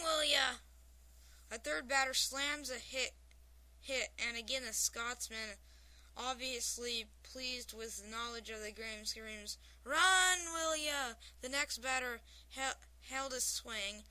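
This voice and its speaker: A woman hosting a talk show, reading funny stories aloud with animated storytelling. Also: on the high side, low-quality recording. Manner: animated storytelling, shouting out quoted lines.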